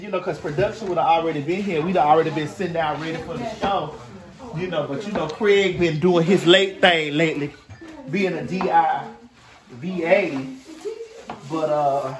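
A woman hosting a casual behind-the-scenes chat, brash, profane and teasing, talking to people in a house. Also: on the low side. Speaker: host. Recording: echoey room, far from mic, crowd.

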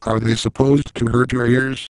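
A man delivering a scripted rant in a flat, measured way. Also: medium pitch, no echo, poor audio. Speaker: YouTube ranter.

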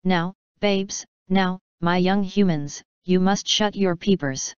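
A cocky street urchin full of slang and teasing bravado, read by a woman in a lowish, very clear voice. The recording is dry and a little dull, close to the mic. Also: takes it slowly, no room sound. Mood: bossy.

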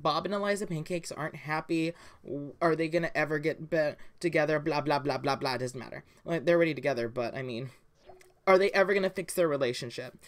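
Chatty woman gaming host. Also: low-pitched. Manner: chatty, many fillers, giggly. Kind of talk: casual let's play commentary.

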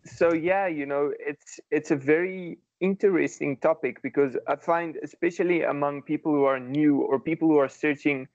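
A man in a casual spiritual discussion, explaining in a measured way. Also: a little high, fairly even intonation, a little mellow, dry recording. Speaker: co-host. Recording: dull dry lo-fi audio.

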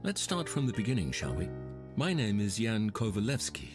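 Game voice: a dry young lieutenant, British accent, low and lively in pitch. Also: male voice, moderate pace, music in the background. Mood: calm. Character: young male Polish lieutenant, calm and dry.

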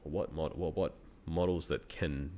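A man's voice: rumbling low, steady tone, moderate pace, warm tone, a little hiss or hum. A man in his thirties with an Australian accent, a university researcher talking as a guest in a casual interview, thinking aloud and laughing often.

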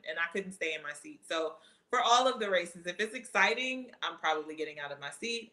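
A woman athlete answering viewer questions in a casual, excitable chat, full of "um" and "like.". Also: on the low side, normal speed, rough recording. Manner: animated, excitable, many fillers.

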